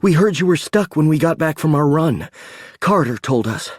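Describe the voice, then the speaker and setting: A chatty young woman friend, fretful and animated, pitched high and pushed a little louder, as a male narrator voices her. The recording is dry and close. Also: normal speed, dry recording. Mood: worried.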